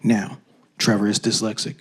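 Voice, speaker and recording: A man in his thirties from Canada performing a stand-up comedy set on stage into a handheld mic, telling stories in an animated way. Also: lowish voice, normal speed. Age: 30s. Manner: animated storytelling, jumps into loud acted-out voices.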